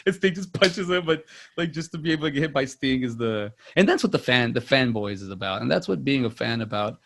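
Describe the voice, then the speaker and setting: A man co-hosting a casual movie podcast, his voice gravelly and frayed at the edges. He rambles, restarts sentences and stacks up fillers as he goes. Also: medium pitch, lively intonation, a little fast. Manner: rambling, many fillers and restarts, acts out quotes loudly. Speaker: podcast co-host.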